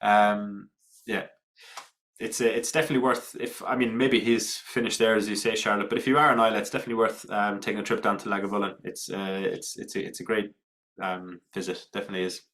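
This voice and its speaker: A man's voice: fairly low pitch, level tone, fast, fairly bright tone. Rambling Irish-raised man hosting. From Ireland. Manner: friendly, rambling, frequent ums. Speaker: tasting host. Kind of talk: casual online tasting chat.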